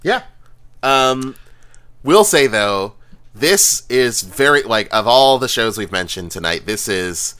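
A man's voice: mid-range voice, animated, slow pace, pushed and bright, clean tone. A man co-hosting a podcast, chatting casually with dry, wry remarks and acted-out quotes. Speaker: podcast co-host. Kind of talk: casual chat.

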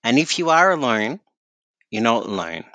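A man's voice: medium pitch, sing-song, moderate pace, sharp tone, dry recording. A man as a podcast guest, talking bluntly and candidly about work and the holidays. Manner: candid and blunt, swears freely. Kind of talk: casual conversation.

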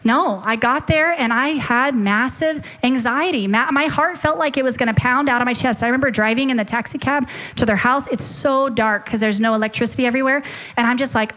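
A young woman stands before a church congregation and tells her testimony, her voice sitting a little high. She tells it as an animated story, full of quick asides where she quotes her own thoughts. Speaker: speaker sharing a testimony. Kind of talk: sermon testimony.

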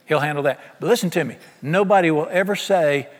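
A man preaching a sermon, folksy and animated, often acting out what people say. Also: a little high, brisk. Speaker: pastor. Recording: long hall reverb.

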